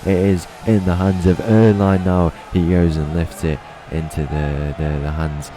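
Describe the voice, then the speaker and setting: A man's voice: low voice, little pitch movement, a little slow, over music. A young man commentating his own football video game match, with rhetorical questions and frequent repeated words. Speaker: gaming YouTuber.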